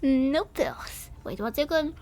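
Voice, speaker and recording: Faint music plays behind a woman streamer whose high, expressive voice has a darkish tone and a slow pace. Between bites and sips, she chats casually with her live audience, giggling, apologizing, and hesitating with plenty of fillers.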